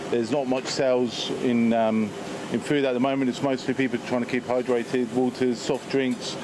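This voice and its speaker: A man's voice: mid-range voice, flat delivery, moderate pace. A man, a shop owner, answering interview questions in an easygoing, hesitant way. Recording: traffic noise behind.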